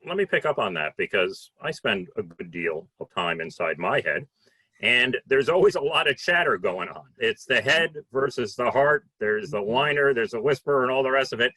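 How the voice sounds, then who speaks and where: A man's voice: medium pitch, animated, normal speed, bright, forceful tone, breathy edge, no echo. A man hosting an interview, asking reflective, conversational questions. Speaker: podcast host.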